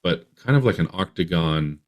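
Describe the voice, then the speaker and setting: A man's voice: deep voice, lively intonation, normal speed, a little mellow. A man from Utah, a podcast guest, telling a long story in a rambling way with many restarts.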